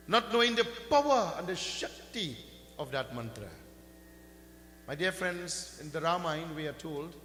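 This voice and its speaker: A man giving a religious discourse, telling a sacred story with slow, swelling emphasis and chanting mantras now and then. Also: a little high, a bit bright. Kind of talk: sermon storytelling. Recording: echoey hall with faint hum.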